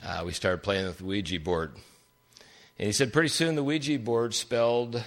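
An older man preaching a sermon, telling stories with big swings in pitch for emphasis. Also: steady tone, moderate pace.

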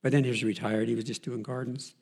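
Gravelly, husky man telling his testimony. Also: medium pitch, level tone, quick pace, darkish tone. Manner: earnest storytelling with many fillers and restarts. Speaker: person giving a Christian testimony. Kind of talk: personal faith testimony.

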